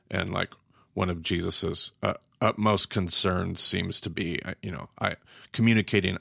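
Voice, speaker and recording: A man co-hosting a podcast, talking thoughtfully and haltingly as he searches for words. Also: low voice, little pitch movement, creaky, a bit bright, no room sound, clean studio sound. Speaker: podcast co-host. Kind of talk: casual discussion.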